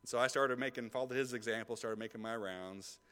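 Bright-voiced preaching pastor, man, in a hall. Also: medium pitch. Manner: emphatic preaching, swings from soft asides to loud passages; asks the congregation quick rhetorical questions. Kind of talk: sermon. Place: church sanctuary. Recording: reverberant church hall.

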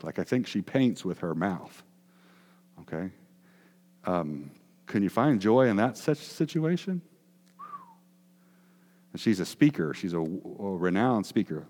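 A man's voice: on the low side, a little mellow. A man preaching a conversational sermon, chatty and quizzing his congregation with self-deprecating asides. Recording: long hall reverb.

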